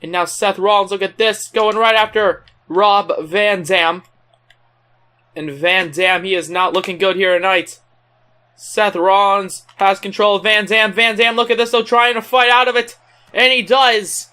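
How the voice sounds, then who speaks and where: Bright, excitable wrestling game commentator. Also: medium pitch, unhurried, clear, resonant tone. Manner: excitable announcer, keeps repeating "ladies and gentlemen"; casual asides and laughs at the action. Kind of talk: play-by-play wrestling commentary over gameplay.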